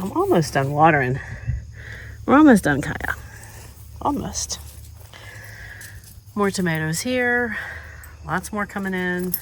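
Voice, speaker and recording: A woman casually showing viewers around her home garden outdoors, chatting as she walks and waters. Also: slight background noise. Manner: chatty, talks fondly to her dogs in a high baby voice. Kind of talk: casual garden walk-through. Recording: loud music under the voice.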